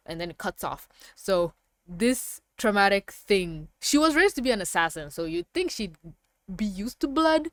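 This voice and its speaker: A woman giving a casual review of a TV episode, rambling and excitable, with emphatic outbursts. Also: mid-range voice, normal speed, no echo, studio quality.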